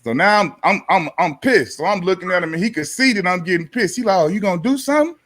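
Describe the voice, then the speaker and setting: Casting: man, 40s, higher-pitched, animated slangy storyteller. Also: fast talker. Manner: animated, slangy, acts out both sides of the exchange. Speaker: podcast guest, former pro basketball player. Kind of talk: casual storytelling.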